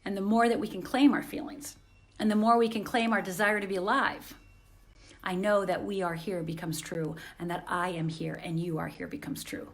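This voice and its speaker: A woman's voice: mid-range voice, fairly even intonation, normal speed. A woman hosting a motivational live stream from home on her phone. She talks in an earnest, encouraging way and often repeats phrases.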